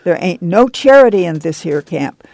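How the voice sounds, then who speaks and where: A woman's voice: fairly low pitch, animated, moderate pace, darkish tone, no echo. A reader voicing a stern, commanding woman who leads a camp committee, in a folksy rural dialect.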